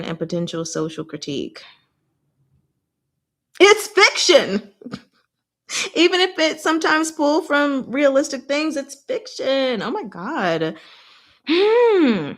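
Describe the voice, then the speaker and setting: A woman hosting a casual book discussion, animated and exclaiming, often breaking into laughter. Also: medium pitch. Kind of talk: casual chat.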